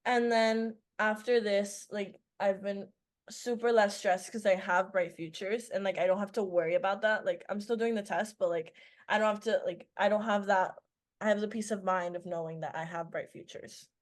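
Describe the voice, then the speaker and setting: A teenage girl, a former student and podcast guest, chatting in an animated storytelling way full of fillers. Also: mid-range voice, moderate pace. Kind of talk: casual interview chat.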